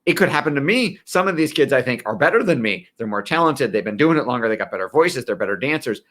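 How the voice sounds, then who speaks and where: Middle-aged male financial aid planner, bright tone, direct conversational storyteller. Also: medium pitch, expressive, quick pace. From western New York. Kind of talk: personal origin-story talk.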